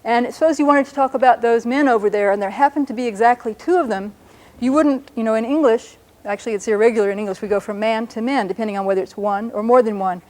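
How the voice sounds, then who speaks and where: A woman teaching a language lesson on a broadcast show, patiently explaining and slowing down to sound out words. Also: fairly high pitch, a little mellow.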